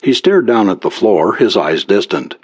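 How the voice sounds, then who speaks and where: A man reading a story aloud as an audiobook narrator, in a measured storytelling manner. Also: fairly low pitch, big pitch swings, husky, no room sound.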